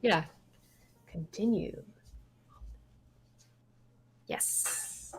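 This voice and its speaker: A woman's voice: on the low side, huge pitch swings, very slow, creaky, breathy edge. A woman co-hosting a gaming stream, chatting casually and giggling as she plays. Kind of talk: casual chat and reading game dialogue aloud.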